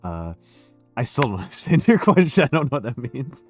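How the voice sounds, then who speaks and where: A man's voice: mid-range voice, sing-song, fairly quick, darkish tone, slightly rough, soft background music. An older American man hosting a casual, tipsy drinking stream, rambling and self-deprecating, swearing freely. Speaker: streamer host.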